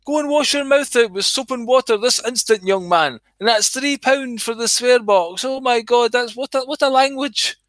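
A man voicing his elderly mother, a shrill and scandalized woman who scolds him for swearing. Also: moderate pace, few pauses, a bit bright, no room sound. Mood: outraged scolding. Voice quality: high-pitched, shrieking, scolding. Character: shrill scandalized old Scottish mum.

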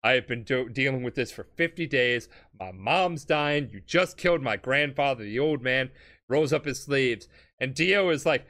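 A tipsy guest on a comedy podcast loosely summarizes an anime's story, cursing as he goes and popping into short bits of the characters' dialogue. He sounds medium-pitched, animated, bright and forceful.

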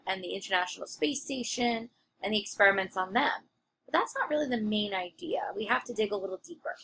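A woman teacher talks students through review questions in a patient, explanatory way. Her voice is bright and clear, at a middle pitch. A faint hiss sits under the recording. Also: rough recording. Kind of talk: classroom review lesson.

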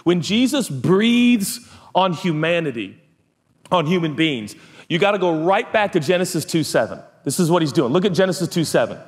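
A man preaching a sermon as a pastor, telling the story in an animated way, acting out voices and swinging from hushed to loud. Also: fairly high pitch, normal speed, breathy edge, long reverb tail.

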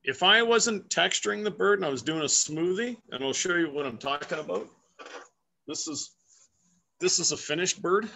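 A man's voice: high-pitched, animated, moderate pace, gravelly, sharp tone. A man, a woodcarver, chatting casually and playfully as he shows his work on a live video call, laughing often. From Canada. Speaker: guest woodcarver. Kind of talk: casual demonstration over a live video chat.

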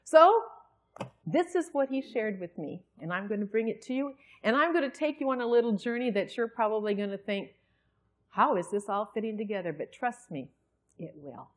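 A middle-aged woman delivers a sermon in church. She speaks in a fairly high voice and tells her story in an earnest, conversational way, as if talking with friends in the pews. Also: lively intonation, normal speed. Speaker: church elder preaching.

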